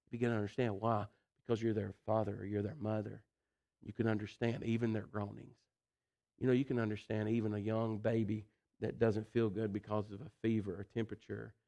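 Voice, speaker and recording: A man delivers a folksy, animated sermon, his voice gravelly, fairly low, and a little quick. He swings from loud emphasis to quiet intensity and keeps saying "listen" and "you know."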